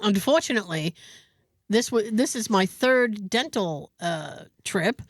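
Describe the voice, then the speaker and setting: A woman podcast host telling a story in casual chat, animated, profane and self-mocking. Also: medium pitch, a little slow, dry recording, studio quality.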